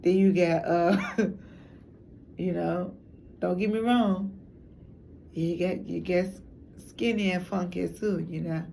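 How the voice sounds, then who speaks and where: A woman's voice: fairly low pitch, steady tone, slow pace, vocal fry, long pauses, warm tone, slight background noise. A woman from Chicago with a Chicago accent, talking frankly and loosely in slang for a documentary. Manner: rambling, slangy, frank, laughs often. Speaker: documentary interviewee. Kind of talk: casual talk to camera.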